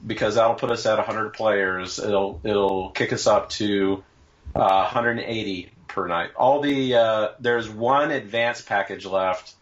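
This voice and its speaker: A man's voice: fairly low pitch, unhurried. A man, a guest on a podcast, laying out details in a plain, informative way. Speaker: guest, event organizer. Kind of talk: casual podcast chat. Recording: dull lo-fi audio.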